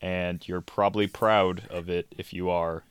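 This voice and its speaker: A man co-hosting a casual podcast, with wry, deadpan humor. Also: sits low, a little slow, smooth, no echo. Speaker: podcast co-host.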